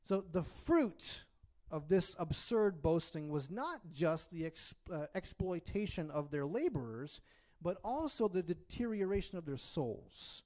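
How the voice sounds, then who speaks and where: Speaking at a measured pace, the man has a high, darkish, sing-song voice. He delivers an expressive, conversational sermon in church and keeps checking in with his listeners.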